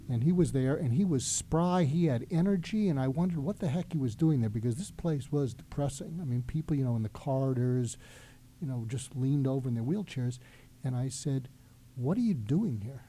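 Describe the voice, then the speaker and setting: A man's voice: mid-range voice, brisk, mellow, slight background noise. A middle-aged man, a doctor guest on a talk show, telling a reflective anecdote with frequent fillers.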